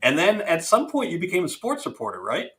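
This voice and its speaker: A man's voice: sits high, huge pitch swings, a little fast, a bit bright. A man hosting a podcast interview, asking friendly questions and teasing his guest a little. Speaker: podcast host. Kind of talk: casual interview.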